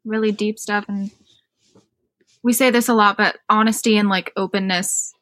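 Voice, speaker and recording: A woman's voice: mid-range voice, fairly even intonation, moderate pace, no echo. Affirming young woman host, dry sound. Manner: warm, affirming, many fillers. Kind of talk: casual interview chat.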